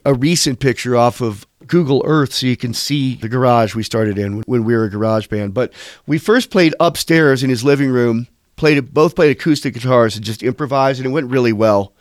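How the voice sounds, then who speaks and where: A man's voice: mid-range voice, no room sound, clean studio sound. Rambling, profane man telling stories. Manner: rambling, profane, slips into quoted voices. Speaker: musician interviewee. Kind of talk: casual storytelling interview.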